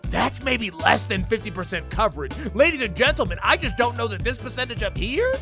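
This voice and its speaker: A man's voice: very high-pitched, animated, fairly quick, over music. Incredulous man hosting reaction commentary. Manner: incredulous, profane, repeats his questions. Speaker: reaction video host.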